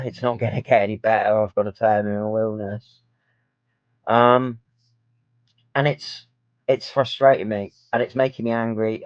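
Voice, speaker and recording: A man's voice: fairly low pitch, no room sound, highs cut off. A man talking frankly to camera in a personal vlog, rambling with many filler ums. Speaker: vlogger.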